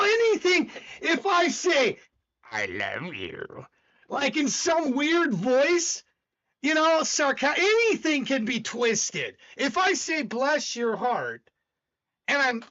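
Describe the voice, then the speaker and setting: Slightly muffled lo-fi stream audio carries a high, bright Southern voice with a wildly varying pitch. The man, a livestream host from the American South, rambles casually and gets argumentative, talking back to his viewers in chat.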